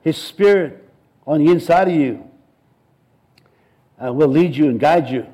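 A man's voice: a little high, unhurried, warm tone, low-quality recording. A middle-aged male pastor preaching a sermon, emphatic and repetitive, building in intensity as he presses his points.

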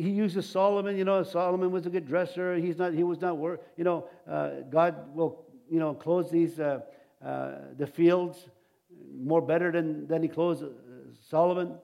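A man's voice: high-pitched, steady tone, normal speed, creaky, dull audio. A man preaching a sermon, retelling scripture stories and acting out the quotes, with frequent restarts. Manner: storytelling, acts out quotes, rambling restarts.

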